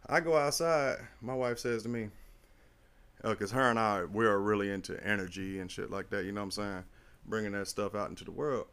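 A middle-aged man in casual chat, telling a long story in a rambling, animated and profane way. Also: fairly low pitch, a little fast, smooth.

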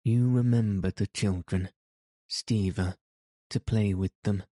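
Male narrator doing a cold, reproachful wronged wife for an audiobook; low and unhurried. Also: steady tone, warm tone, no room sound, clean studio sound. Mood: bitter. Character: bitter betrayed wife, grown woman. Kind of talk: audiobook reading.

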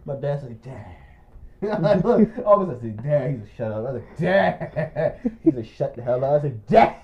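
A man's voice: mid-range voice, sing-song, quick pace. A young man telling a long, rambling story in casual chat, often breaking into laughter. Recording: muffled lo-fi recording.

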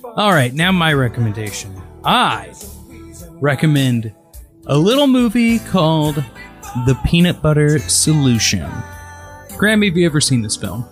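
A man's voice: fairly high pitch, very animated, unhurried, soft background music. A man co-hosting a casual movie podcast, with dry, wry humor. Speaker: podcast co-host.

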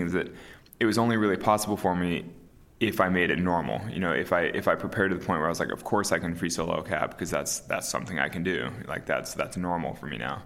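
A man in his thirties, an interview guest talking casually and calmly, with many fillers and restarts. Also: low-pitched. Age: 30s. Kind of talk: casual conversation.

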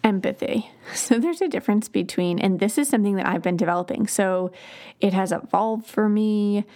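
A woman's voice: mid-range voice, moderate pace, dark tone. A woman hosting a podcast, explaining child development in a conversational way with example phrases to children. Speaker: podcast host.

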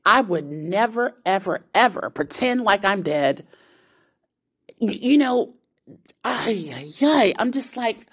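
A woman's voice: lowish voice, creaky, breathy edge. A woman in her thirties hosting a podcast, telling a personal story in a rambling, emphatic way with lots of restarts and repeated words. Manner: emphatic, rising into outraged questions. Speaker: podcast host.

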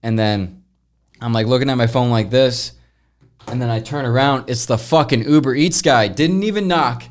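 A man's voice: mid-range voice, normal speed. Rambling young man telling a story. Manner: rambling, animated, swears casually. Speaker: podcast host. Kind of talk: casual storytelling chat.

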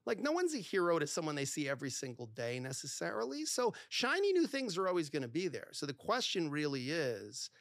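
A man, a divorce lawyer, talking candidly as a podcast guest, animated and acting out the dialogue in his stories, with lots of "like". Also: on the high side, a little fast, hardly any pauses, no echo, clean studio sound. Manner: animated storyteller who acts out quoted dialogue, heavy use of "like".

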